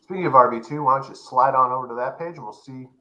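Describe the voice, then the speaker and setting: A man hosting a casual fantasy football podcast over a remote call, steering the talk with quick wit. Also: medium pitch, pushed and bright, highs cut off.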